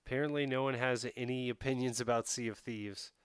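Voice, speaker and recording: Smooth-voiced male game streamer. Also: medium pitch, fairly even intonation, fairly quick, no echo, studio quality. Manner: thinks aloud, talks to chat. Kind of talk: casual live-stream commentary while playing a strategy game.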